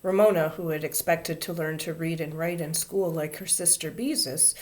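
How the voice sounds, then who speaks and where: A woman reading a children's book aloud with expressive, animated storytelling. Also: sits low, normal speed. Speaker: reader.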